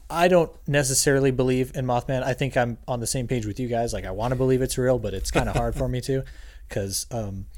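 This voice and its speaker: A man's voice: mid-range voice, darkish tone. A man co-hosting a podcast in casual chat, hesitant and hedging. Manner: hesitant, hedging, many restarts. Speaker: podcast co-host.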